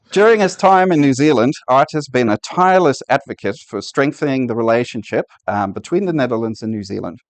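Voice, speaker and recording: A man gives a formal welcome speech for a business association, reading from prepared remarks with occasional fillers. His voice sits at a middling pitch. The recording is dry. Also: lively intonation, normal speed, no echo. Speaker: event presenter for a business association.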